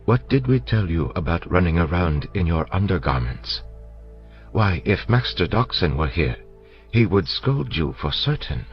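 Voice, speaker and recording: A man voicing a calm, formal male scholar in an audiobook, polite and measured, on a dull lo-fi recording with faint music. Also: sits low, voice pushed up, heavily acted.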